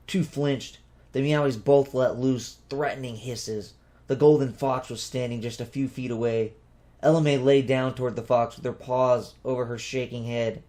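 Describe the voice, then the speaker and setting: A man narrating a storybook as an audiobook reader, in a steady, plain reading. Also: medium pitch, measured pace.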